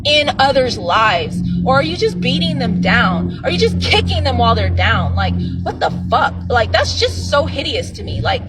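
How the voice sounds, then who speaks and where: A woman's voice: fairly high pitch, big pitch swings, normal speed, hardly any pauses, far from the mic, over loud music. A woman giving casual spiritual advice in an emphatic, preachy way and swearing freely.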